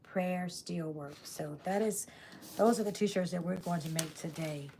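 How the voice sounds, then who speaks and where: A woman's voice: lowish voice, moderate pace, gravelly, warm tone, slight background noise. A woman hosting a live stream from her home workspace, chatting casually with viewers, greeting them by name and asking them to subscribe. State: out of breath. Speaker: live-stream host making t-shirts.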